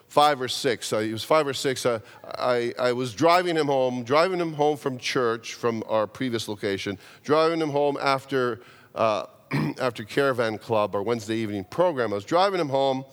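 In a church sanctuary with long, hall-like reverb, a man preaches a story in an animated mid-range voice at a moderate pace. He tends to repeat words and stop to restart, acting out the voices of those he quotes.

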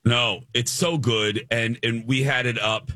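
A man's voice: mid-range voice, fairly even intonation, a little slow, sharp tone, dry recording. A man from the Chicago area co-hosting a radio show, chatting with enthusiasm and often restarting his sentences. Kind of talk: casual chat.

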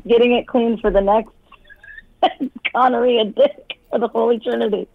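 A woman's voice: on the high side, steady tone, moderate pace, gravelly, no echo, narrow, tinny audio. A young woman calling into a comedy show, brash and profane, laughing often. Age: young adult. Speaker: caller. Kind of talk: crude comedic call-in banter.

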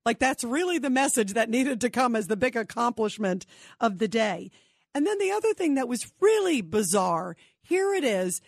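A woman hosting a talk radio show, giving emphatic, opinionated commentary in an animated way. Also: a little high, normal speed, no echo, studio quality. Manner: animated, emphatic, repetitive for effect.

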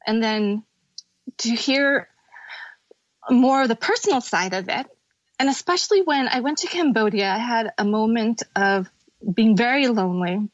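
A young adult woman from the United States, a podcast guest telling her family's story candidly, halting and tearful at times. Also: a little high, animated, no echo, lo-fi sound. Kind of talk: emotional personal storytelling.

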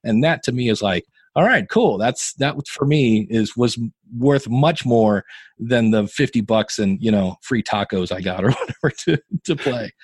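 A man in his fifties, a podcasting guest, telling animated, self-deprecating stories in a casual interview. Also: on the low side, moderate pace, slightly rough, dry recording. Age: 50s.

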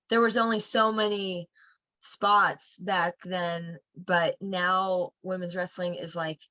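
A woman's voice: on the low side, a bit bright, dry recording, dull audio. A woman guest, a wrestler and manager, speaking earnestly in casual interview chat. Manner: earnest, laughs easily.

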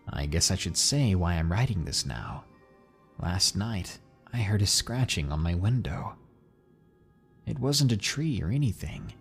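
Husky-voiced man reading horror stories. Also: low-pitched. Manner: dramatic, slowing and dropping for suspense. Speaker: narrator. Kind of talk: scripted horror story narration.

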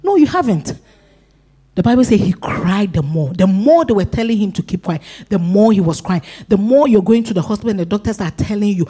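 A woman's voice: mid-range voice, animated, brisk, dark tone, husky. A woman pastor preaching a sermon, exhorting her congregation with rising, emphatic pleas.

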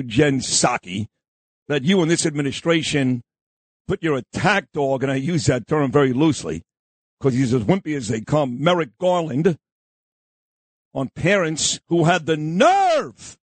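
A man hosting a talk radio show, delivering a combative, opinionated monologue and shouting down those he disagrees with. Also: fairly high pitch, very animated, a little slow, no echo. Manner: combative, insulting, repeats himself, shouts down opponents.

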